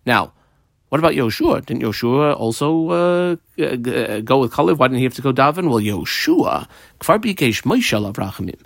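A man's voice: medium pitch, big pitch swings, normal speed, gravelly, dry recording, studio quality. A man teaching a Talmud class, explaining the text phrase by phrase and mixing Hebrew terms into English.

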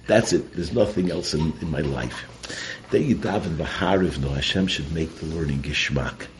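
A man's voice: very deep voice, moderate pace, a little hiss or hum, low-quality recording. A man giving a Torah talk full of stories, mixing in Yiddish and Hebrew terms. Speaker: Torah teacher.

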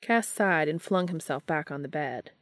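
A woman narrating a fan fiction audiobook in a calm, even storytelling manner. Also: low-pitched, normal speed, no echo, studio quality.

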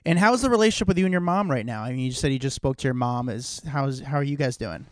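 A man's voice: medium pitch, expressive, fast, no room sound. A man hosting an interview, affirming the guest and asking follow-up questions. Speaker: host. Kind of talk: casual interview.

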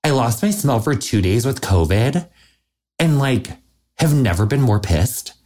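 A woman's voice: extremely low pitch, lively intonation, a little slow, a little mellow. Woman, podcast host, chatty, gushing, casual, lots of "like", swears. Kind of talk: casual interview chat.

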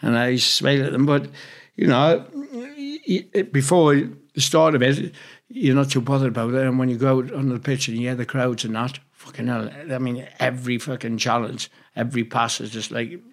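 Speaking a little fast in a steady mid-range voice, a Geordie man from Newcastle recalls his footballing days in a casual interview. His anecdotes wander, and he's blunt and swears freely throughout.

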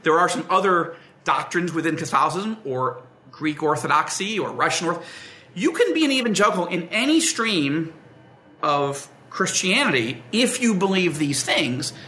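Animated high-voiced man, echoey room. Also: moderate pace. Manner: animated storyteller who acts out the people he quotes. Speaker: guest explaining evangelical beliefs. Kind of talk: conversational teaching.

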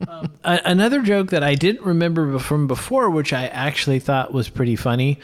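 A man co-hosting a casual film podcast, relaxed and chuckling often as he talks. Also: a little high, fairly quick. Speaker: podcast co-host, filmmaker.

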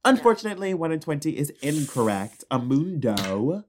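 Low-voiced woman hosting trivia. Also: sing-song, moderate pace, a little hiss or hum. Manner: teasing, upbeat announcing. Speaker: quiz host. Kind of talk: hosting a casual trivia game.

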